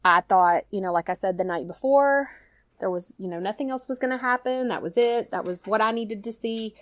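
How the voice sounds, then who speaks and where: A middle-aged woman tells a personal story in casual chat, animated and full of "you know" fillers. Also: mid-range voice, fairly quick. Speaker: guest storyteller, mother.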